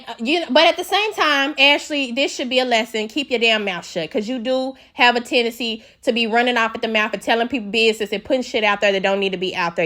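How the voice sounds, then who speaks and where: A woman's voice: fairly high pitch, a bit bright. A woman giving a blunt, opinionated and sassy recap of a reality TV show in casual slang.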